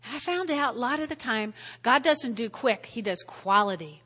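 Woman pastor, high-pitched and bright, conversational sermon with frequent "all right?" check-ins, long reverb. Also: lively intonation, moderate pace, breathy edge. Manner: repeats key phrases for emphasis. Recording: long reverb of a large hall.

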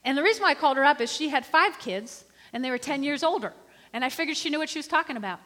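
A middle-aged woman preaching a sermon in an animated, conversational way, often calling for the congregation to respond. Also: sits high, rapid-fire. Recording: reverberant hall.

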